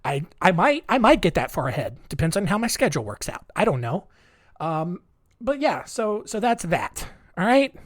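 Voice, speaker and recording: A man's voice: high-pitched, very animated, moderate pace. A man hosting a podcast solo, rambling casually with lots of fillers and restarts. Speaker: podcast host.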